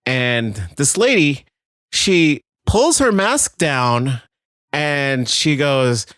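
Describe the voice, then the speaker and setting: A man's voice: mid-range voice, expressive, drawn-out words, a bit bright, dry recording, studio quality. A man co-hosting a podcast, telling a story in casual chat with frequent stammering restarts. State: tired. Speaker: podcast co-host.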